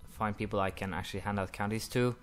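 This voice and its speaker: Young guy chatting over his strategy game, kinda low voice, lots of uh's. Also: steady tone, fast talker, a little hiss or hum. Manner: rambling, many "uh" fillers, apologetic asides. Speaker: gaming commentator. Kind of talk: casual let's-play commentary.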